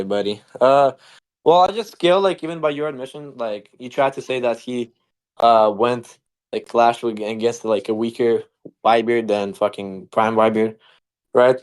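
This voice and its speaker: A man's voice: mid-range voice, a little mellow. A young man in a heated casual online debate, rambling with lots of fillers and swearing.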